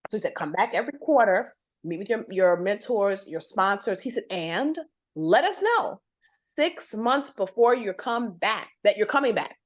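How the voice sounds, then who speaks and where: A woman telling a career story as a podcast guest, her pitch swinging widely. She is animated and acts out the quoted voices of bosses and colleagues. Her voice sits in a middle register. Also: moderate pace. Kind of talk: storytelling in a conversation.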